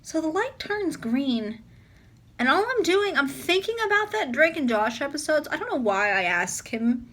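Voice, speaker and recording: A woman's voice: high voice, very animated, moderate pace, fairly bright tone. A young woman telling a story in a casual vlog, rambling and chatty with lots of filler words. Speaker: vlogger.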